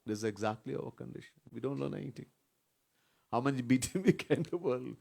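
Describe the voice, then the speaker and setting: A man's voice: medium pitch, fast talker, gravelly, mellow. A man, a swami giving an informal sermon at a retreat, chatting, repeating himself and often asking "right?". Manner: conversational, repeats words, asks "right?" often, chuckles. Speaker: swami leading a spiritual retreat.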